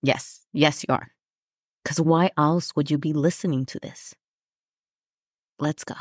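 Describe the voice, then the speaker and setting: Woman host, low voice, candid solo podcast talk, dry close recording. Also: steady tone, measured pace, dry recording. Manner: candid, laughs at herself, frequent fillers. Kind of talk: personal reflective podcast talk.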